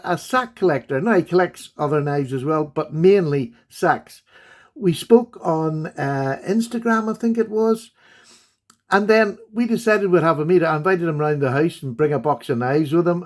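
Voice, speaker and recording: Chatty man, slightly high voice. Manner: chatty, warm-hearted and rambling with self-corrections. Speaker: knife collecting YouTuber. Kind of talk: casual show-and-tell vlog.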